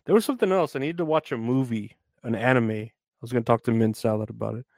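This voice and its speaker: A man's voice: medium pitch, fast talker, creaky, a little mellow, no room sound, studio quality. Rambling man hosting a casual podcast. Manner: rambling, filler-heavy, self-mocking. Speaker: podcast host. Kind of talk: casual solo podcast chat.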